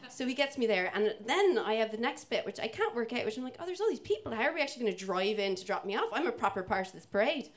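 A woman's voice: fairly high pitch, animated, fast talker, hardly any pauses. A young adult woman with an Irish accent telling a self-mocking personal story, acting out the voices of the people in it. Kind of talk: personal story told to an audience.

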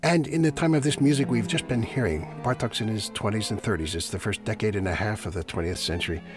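A man hosting a classical music radio program, telling a composer's story in a measured, storytelling way. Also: fairly low pitch. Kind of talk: scripted radio narration.

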